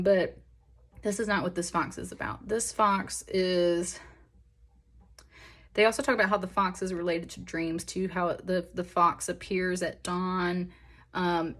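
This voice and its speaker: Young woman, slightly low voice, tarot reader; earnest, emotional, encouraging, talks in loose rambling asides. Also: a bit bright. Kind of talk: pick-a-pile tarot reading.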